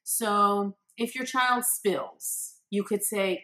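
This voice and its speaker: A woman's voice: medium pitch, fairly even intonation, very slow, pushed and bright. A woman parenting coach giving earnest, encouraging advice straight to parents. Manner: acts out the quotes she gives. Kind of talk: direct-to-camera advice talk.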